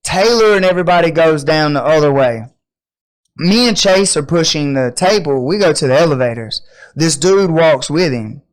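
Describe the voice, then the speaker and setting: Animated man telling a story. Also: a little high, moderate pace. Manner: animated, profane, acts out quotes. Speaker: podcast host. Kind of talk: casual storytelling.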